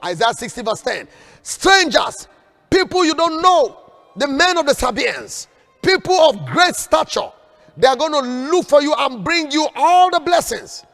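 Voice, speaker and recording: A man's extremely high, sing-song voice, gravelly yet fairly bright, carries at a moderate pace. He preaches fervently as a prophet during an online prayer broadcast, urging viewers to repeat declarations, and the recording has long hall reverb with faint background music.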